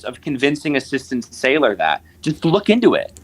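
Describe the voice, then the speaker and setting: A man arguing as a guest on a live stream, combative and mocking, firing sharp jabs back at the host. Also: medium pitch, huge pitch swings, fairly quick, rough recording. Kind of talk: heated live-stream argument.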